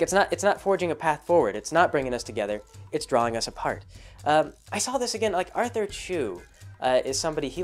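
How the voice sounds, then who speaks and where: Rambling man, filler-heavy commentary. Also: on the high side. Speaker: video host. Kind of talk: casual commentary monologue.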